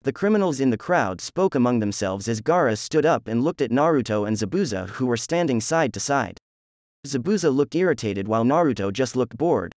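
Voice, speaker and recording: A man narrating a fan fiction story in a plain, even reading voice. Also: mid-range voice, brisk, no room sound, clean studio sound.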